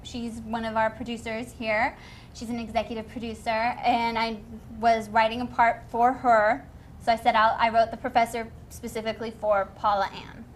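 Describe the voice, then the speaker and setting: Playful higher-voiced woman producer. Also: little pitch movement, moderate pace, slight background noise. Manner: playful, acts out quotes. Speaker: writer and producer of a web series. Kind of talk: casual panel talk.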